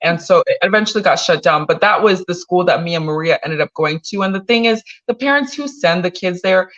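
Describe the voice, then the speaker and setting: Podcast host woman, halting, muffled. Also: lowish voice, animated, a bit bright. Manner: measured, many filler pauses. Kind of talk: conversational explanation. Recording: dull lo-fi sound.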